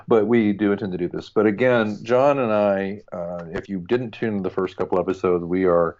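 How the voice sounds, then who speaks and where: A man's voice: lowish voice, fairly even intonation, normal speed, a little mellow, muffled recording. A man co-hosting a casual podcast, chatty and joking with playful asides. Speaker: podcast co-host. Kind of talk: casual chat.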